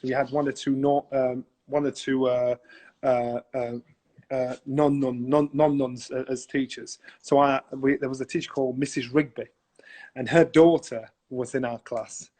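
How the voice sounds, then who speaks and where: Husky man telling stories. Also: mid-range voice. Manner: animated, acts out voices in his anecdotes. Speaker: guest. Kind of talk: casual storytelling in a conversation. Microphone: video call.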